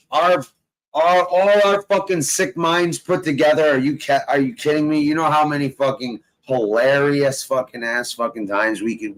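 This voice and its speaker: A brash man rattles off profane banter in his everyday voice. He curses nearly every other word, laughs between lines and talks with loud, swaggering energy. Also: mid-range voice, rough recording. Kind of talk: profane casual banter on a live audio chat.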